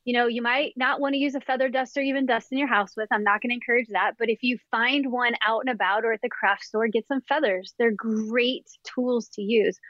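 A woman's voice: fairly high pitch, steady tone, no echo. A woman sexologist giving frank, enthusiastic instructions on a podcast and laughing easily. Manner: candid, enthusiastic, quick to laugh. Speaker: somatic sexologist guest. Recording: dry, dull lo-fi podcast audio.

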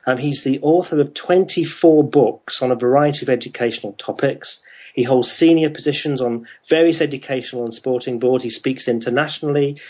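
Male host, husky mid voice, hesitant with ums, lo-fi recording. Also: mid-range voice, warm tone. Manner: hesitant, many ums and restarts. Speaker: podcast host. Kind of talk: casual interview chat. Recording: dull lo-fi sound.

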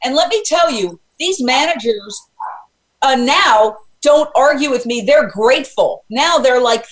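A woman's voice: sits high, animated, a little slow, low-quality recording. A woman hosting a live radio talk show, talking with emphatic, urgent conviction.

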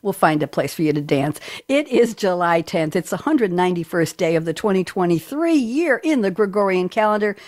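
A woman with a New York accent opens her radio talk show in a chatty, playful way. She rambles happily from one joke to the next in a slightly low voice. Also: sing-song, brisk, few pauses, a little mellow. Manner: playful, rambling, jokey asides.

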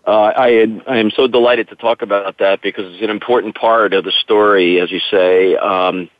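A man's voice: fairly low pitch, steady tone, normal speed, no room sound. Middle-aged man, earnest reflective storytelling, tinny phone line, dry sound. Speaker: guest. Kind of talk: personal storytelling in an interview.

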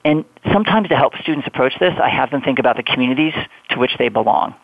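A man talking as a guest admissions advisor, giving relaxed advice with many ums and restarts. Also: mid-range voice, quick pace, vocal fry, no room sound. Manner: relaxed, explanatory, many fillers. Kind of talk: conversational advice. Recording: tinny phone line, dry.

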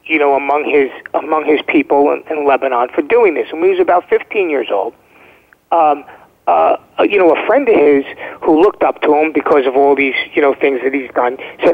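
A man's voice: on the high side, fairly quick. A man, a guest telling stories over the phone in an emphatic way and often checking in with "okay?". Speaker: guest, former first responder. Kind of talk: phone-in interview storytelling. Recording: tinny phone line.

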